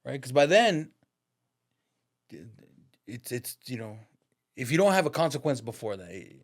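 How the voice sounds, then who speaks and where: A man's voice: medium pitch, a little slow. A man as a podcast guest, telling a story in casual, profane, slangy talk and acting out the voices in it. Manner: lively, acts out the voices in his stories.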